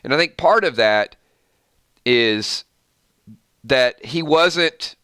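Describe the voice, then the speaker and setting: A man's voice: mid-range voice, expressive, extremely slow, pushed and bright, smooth, dry recording, studio quality. A man hosting a casual live stream with his morning voice, rambling through viewer comments with fillers and restarts. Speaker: YouTube channel host.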